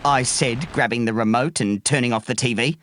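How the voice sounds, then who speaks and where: A woman reading a children's book aloud in a slow, expressive way. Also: very deep voice, slight background noise. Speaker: audiobook reader.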